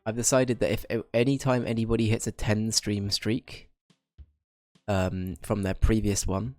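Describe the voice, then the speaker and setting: Congested low-voiced man streaming. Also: little pitch movement, moderate pace, a little mellow, no echo, soft background music. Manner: chatty, rambling, addressing chat by name. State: congested, slightly ill. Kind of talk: casual stream chat.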